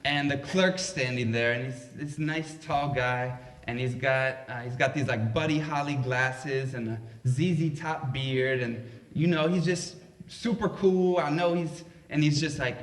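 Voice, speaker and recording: A man telling a comedic story live in a conversational, unhurried way, with many fillers. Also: medium pitch. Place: library event room. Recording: echoey library room.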